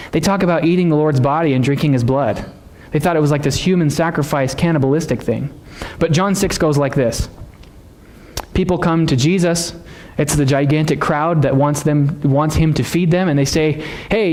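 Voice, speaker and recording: A man's voice: a little high, darkish tone. A man preaching a sermon in a church, teaching in a conversational way and asking the congregation questions. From United States. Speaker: pastor. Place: church sanctuary.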